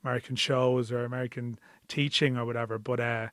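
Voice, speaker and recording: Irish sports journo chatting, mid pitch, dry close mic. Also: male voice, flat delivery, fast, a bit bright, no room sound. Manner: conversational, rambling, thoughtful. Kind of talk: casual sports podcast chat.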